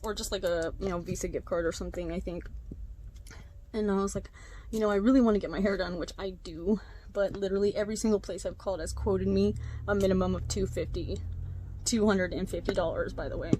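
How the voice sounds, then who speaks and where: A young woman vlogging to camera, retelling neighborhood gossip in a casual, animated way with voiced quotes, fillers and laughs. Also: mid-range voice, fairly quick, slight background noise. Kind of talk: casual storytelling chat.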